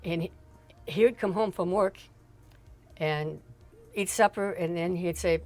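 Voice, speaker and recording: Low-voiced older woman telling stories. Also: measured pace, pauses often, darkish tone, soft background music. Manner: chatty, laughs often, rambling with asides. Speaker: mother telling family stories. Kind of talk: casual storytelling chat.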